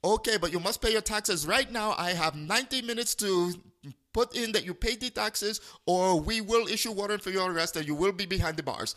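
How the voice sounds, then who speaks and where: A man imitating a male phone scammer with a heavy accent, speaking stiff, broken English in a higher voice. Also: fairly quick, a bit bright. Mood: insistent.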